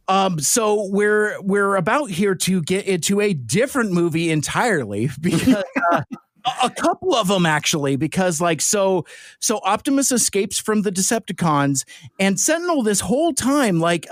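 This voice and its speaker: A man's voice: high-pitched, normal speed, no room sound, studio quality. A man co-hosting a podcast, chatting casually and animatedly, laughing often. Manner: animated, laughs often, does silly voices. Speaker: podcast co-host. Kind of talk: casual chat.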